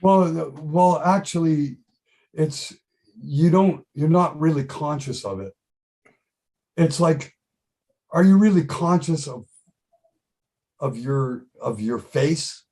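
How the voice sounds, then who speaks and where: A man's voice: a little high, slow pace, pauses often, mellow. A middle-aged man, a musician guest in a casual interview, talking emphatically, repeating himself and swearing freely.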